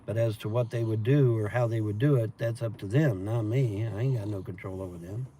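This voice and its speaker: Man hosting a casual livestream, mellow and low-key, swearing freely, light room noise. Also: fairly quick. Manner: profane, meandering storytelling with laughs. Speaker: livestream host reading chat. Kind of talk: rambling casual livestream chat.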